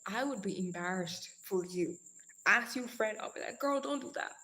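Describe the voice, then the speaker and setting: Young woman, live-stream host, energetic casual chat, affectionate pet names. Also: mid-range voice, moderate pace. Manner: energetic, calls viewers darling and girl.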